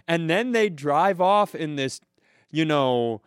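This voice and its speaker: A man on a comedy podcast telling a long story casually, animated and profane, laughing at his own punchlines. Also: a little high, takes it slowly, clean tone, no echo, studio quality. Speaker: podcast co-host.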